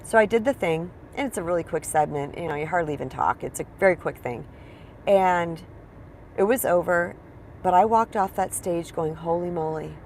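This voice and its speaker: A woman's voice: fairly low pitch, normal speed, darkish tone, slight background noise. A woman life coach giving a casual motivational talk, telling stories chattily to her viewers and acting out her own past reactions. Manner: chatty storytelling, addresses viewers as "you guys".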